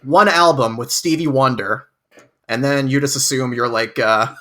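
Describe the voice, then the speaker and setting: Bright-voiced man who laughs a lot. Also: medium pitch. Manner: laughs often, halting, many fillers. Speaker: podcast co-host. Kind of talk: casual chat.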